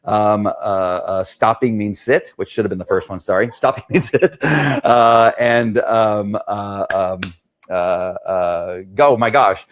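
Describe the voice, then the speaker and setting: Man, middle-aged, dog trainer, low voice, chatty, casual Q&A. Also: slow pace. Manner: chatty, keeps asking "right?". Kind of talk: casual live Q&A talk.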